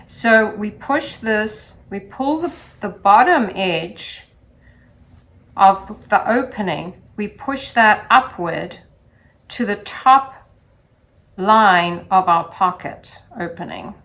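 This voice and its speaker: Slow-paced woman teaching sewing. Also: mid-range voice, expressive. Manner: gentle, sing-song instructional delivery. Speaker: sewing instructor. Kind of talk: step-by-step sewing demonstration.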